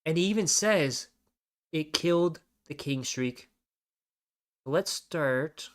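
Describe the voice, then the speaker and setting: A man's voice: a little high, expressive, slow, a bit bright. Sarcastic man mocking a streamer. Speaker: reaction commentator. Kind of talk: mocking reaction commentary.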